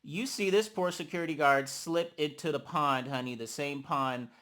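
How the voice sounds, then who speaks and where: A man's voice: fairly high pitch, moderate pace, a bit bright. A man giving a casual, sassy recap of a reality show. He calls the listener honey and acts out the quotes of the people he talks about. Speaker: reality TV reviewer.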